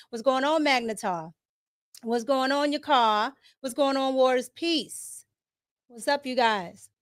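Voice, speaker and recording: Chatty D.C.-accented woman hosting a livestream. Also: sits high. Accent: Washington D.C. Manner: chatty, greets viewers by name, laughs often. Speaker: podcast host. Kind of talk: casual livestream chat.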